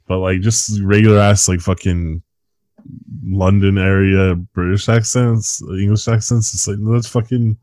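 A very deep-voiced man co-hosting a podcast, talking loosely and profanely with frequent laughs. His voice sits very low and steady. It is recorded close and dry, with no room sound. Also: unhurried, no room sound. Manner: rambling, profane, laughs often. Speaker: podcast co-host. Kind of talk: casual chat about a film.

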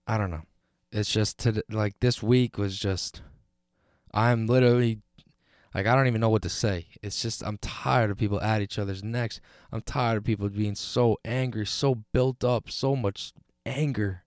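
Young american dude ranting on his podcast, kinda low voice, lots of swearing and false starts, dead dry mic. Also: steady tone, moderate pace, darkish tone, no room sound. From United States. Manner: frustrated, rambling, swears, many restarts. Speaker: podcast host. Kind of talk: solo rant.

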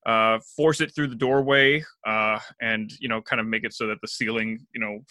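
A man from the Pacific Northwest with a bright, forward voice, co-hosting a podcast. He chats casually in a playful, teasing way, and the recording is dry and close. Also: on the low side, fairly even intonation, normal speed, dry recording. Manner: playful, teasing, laughs a lot. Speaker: podcast co-host. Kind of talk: casual chat.

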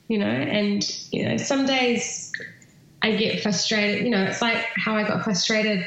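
A woman's voice: medium pitch, measured pace, vocal fry, fairly bright tone, very echoey, dull audio. A woman speaking as an interview guest, earnest and thoughtful, with many fillers. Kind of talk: reflective conversational interview.

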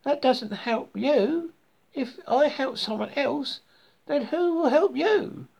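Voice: high-pitched, animated, slow pace, gravelly, darkish tone, pitched above the performer's own voice, full character voice. A reader voicing a grateful, cheerful male frog in a children's storybook, eager and bouncy.

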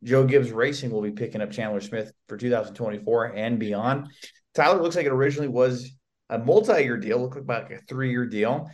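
A man's voice: mid-range voice, normal speed. A man co-hosting a podcast in casual sports talk, asking questions and reporting news. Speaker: podcast co-host.

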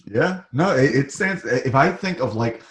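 A man's voice: mid-range voice, expressive, a little slow, reverberant. A man guesting on a podcast, chatting in a laid-back, knowledgeable way with casual swearing. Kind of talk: casual chat.

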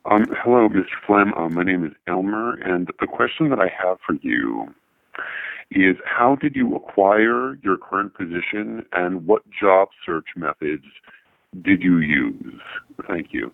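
A man doing a shy deep-voiced caller over a phone line. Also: lively intonation, unhurried, creaky, no room sound, exaggerated voice. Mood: hesitant. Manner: hesitant, stiff, formal.

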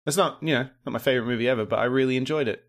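A man's voice: medium pitch, very fast. Chatty man laughing through a movie chat. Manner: laughs often, tells theories with mock quotes. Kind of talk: casual podcast chat about movies.

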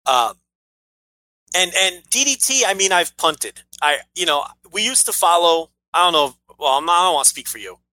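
Male podcast co-host, bright tone, dry close sound, blunt rambling talker. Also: high-pitched, very animated, moderate pace, no echo, poor audio. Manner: rambling, blunt, swears freely. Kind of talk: casual wrestling podcast chat.

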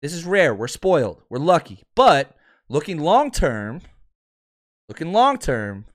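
Male podcast host in his thirties, high and lively voice, sarcastic fired-up fan rant. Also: measured pace. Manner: heated, sarcastic ranting with mocking quotes; calms to a quieter, lower promo pitch.

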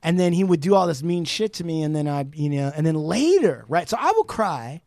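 A man co-hosting a podcast who tells candid stories in an emphatic way and gets loud at times. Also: a little high, big pitch swings, a little fast, dry recording, clean studio sound. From Washington state, USA. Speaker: podcast co-host. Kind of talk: candid conversational storytelling.

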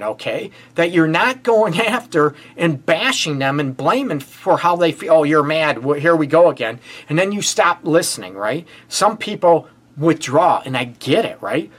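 A man's voice: on the high side, a bit bright. A man hosting a relationship advice show as a counselor, talking straight to viewers in a blunt, emphatic way and often calling them "people.". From United States. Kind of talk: direct-to-camera advice talk.

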